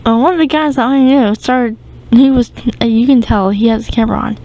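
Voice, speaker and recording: A woman's voice: a little high, fairly quick, dark tone, low-quality recording. A woman hosting a casual storytime podcast, rambling through the tale with many ums and restarts. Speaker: podcast host.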